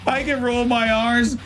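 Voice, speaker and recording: Playful high-voiced male wrestling commentator. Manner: playful, joking and laughing, hammy ring announcements with rolled R's. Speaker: wrestling commentator and stream host. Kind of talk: live-streamed simulated wrestling commentary. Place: home streaming setup in front of a green screen.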